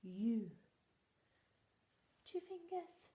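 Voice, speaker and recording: A woman's voice: extremely high pitch, very animated, extremely slow, dark tone. A woman teaching a phonics lesson to young children, sounding out letters and often dropping to a whisper. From England. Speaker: primary school teacher.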